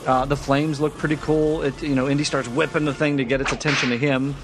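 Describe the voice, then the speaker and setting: A man's voice: mid-range voice, quick pace. Wry man chatting, faint music behind. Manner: relaxed, wry commentary. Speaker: podcast co-host. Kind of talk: casual comic book discussion.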